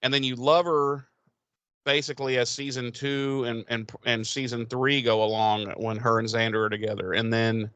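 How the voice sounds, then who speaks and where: A man co-hosting a podcast, recapping a TV episode in casual chat, swearing freely and animated. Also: medium pitch, normal speed, clear, resonant tone, no echo. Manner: swearing, animated, quotes characters in put-on voices. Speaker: podcast co-host.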